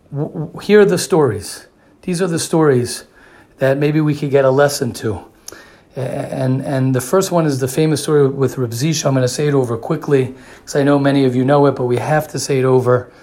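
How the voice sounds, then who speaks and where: A man's voice: mid-range voice, darkish tone. A man giving a sermon who repeats phrases for emphasis and often restarts his sentences. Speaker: religious speaker.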